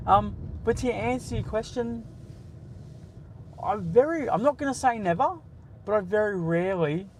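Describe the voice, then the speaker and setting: A man's voice: high-pitched, a little hiss or hum, rough recording. An Australian man in his late forties, hosting a casual, blunt and sweary live stream, bantering with his chat from the driver's seat of a car. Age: 40s. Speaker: livestream host.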